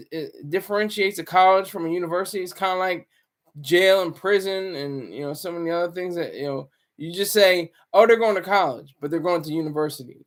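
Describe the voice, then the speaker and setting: High-pitched male streamer; loose, meandering, self-interrupting chat to viewers. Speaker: livestreamer. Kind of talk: casual livestream commentary.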